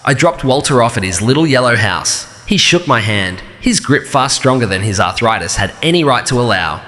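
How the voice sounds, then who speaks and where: A man narrating a first-person story in a calm, even, measured way. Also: mid-range voice, big-room sound.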